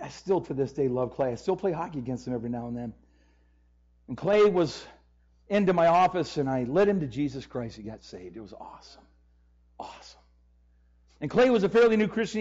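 A middle-aged pastor tells a story from the pulpit in a mellow, slightly raised voice. He speaks earnestly and acts out the urgent pleading of the people in it. The recording sounds dull and lo-fi. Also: fairly high pitch. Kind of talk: sermon storytelling.

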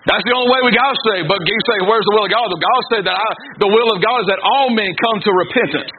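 High-voiced preacher over tinny radio. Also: male voice, fast, crowd noise. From North Carolina. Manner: emphatic, storytelling, calls for amens. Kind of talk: sermon testimony. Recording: lo-fi phone-like radio broadcast with congregation noise.

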